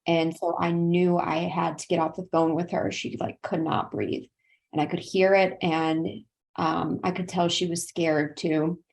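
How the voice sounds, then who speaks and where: A woman's voice: fairly low pitch, level tone, measured pace, vocal fry, darkish tone. A woman in her thirties from South Carolina, a podcast guest telling an earnest, tearful personal story. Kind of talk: personal conversation.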